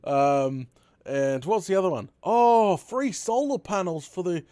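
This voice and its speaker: A man's voice: high voice, measured pace, clear, resonant tone, no room sound, studio quality. A young Australian man hosting a live stream, chatting casually and telling stories with frequent laughs. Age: young adult. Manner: chatty, laughs often, animated storytelling. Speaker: host streamer.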